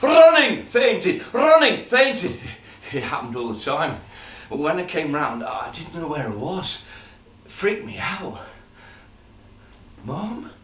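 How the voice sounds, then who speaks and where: A man performing a live one-man storytelling show, animated and acting out scenes. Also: fairly high pitch, normal speed, few pauses, reverberant, recorded from a distance. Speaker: solo performer and narrator.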